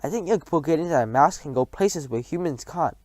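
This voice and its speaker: A man's voice: a little high, animated, a little fast, darkish tone, dry recording, lightly acted. A man reading a storybook aloud, voicing a clever young boy turned into a mouse who speaks eagerly and earnestly.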